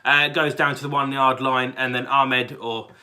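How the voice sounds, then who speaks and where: A young man from England with a British accent, hosting a casual fan reaction and talking in an excitable, rambling way with many fillers and restarts. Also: medium pitch, normal speed. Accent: British English. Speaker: sports fan channel host.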